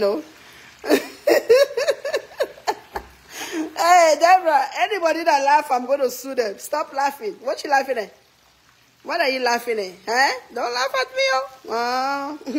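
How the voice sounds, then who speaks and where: Her voice fairly high-pitched, a cooking vlog host streams live from her home kitchen, reading comments aloud and playfully teasing viewers as she cooks, with frequent animated exclamations. The recording is rough, with a little hiss or hum.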